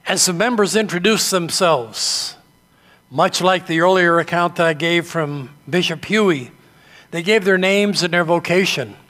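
An older man from New England preaching a sermon, telling stories in a measured, earnest way. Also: sits high, bright, forceful tone, big-room sound. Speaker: pastor.

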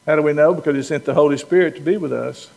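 A high-voiced man preaches in a church, with long reverb trailing each phrase. He is animated and playful and acts out the lines of the Bible figures he quotes. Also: racing, vocal fry. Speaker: pastor. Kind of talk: sermon.

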